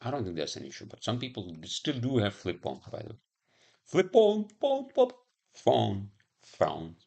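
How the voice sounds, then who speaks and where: A man's voice: deep voice, big pitch swings, fairly quick, gravelly, husky. A man rambling in a casual monologue, swearing often and musing aloud with lots of fillers.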